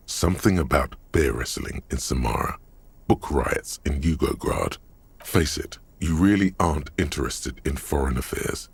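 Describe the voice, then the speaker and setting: An actor voicing a wry male game narrator, telling the story in the second person with a measured, sardonic delivery. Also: extremely low pitch, gravelly, slightly rough, heavily acted. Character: deep-voiced male narrator, dry and wry. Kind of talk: scripted voiced narration.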